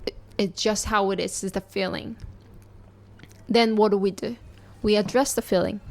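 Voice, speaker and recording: A woman's voice: medium pitch, fairly even intonation, normal speed. Earnest, reassuring woman podcast host. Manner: earnest, reassuring, speaks directly to listeners. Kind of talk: encouraging podcast talk.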